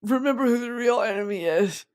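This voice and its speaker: A woman doing a low-voiced Finnick. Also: fairly quick, darkish tone, close to an everyday voice. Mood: urgent. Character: young male hero, calm warning.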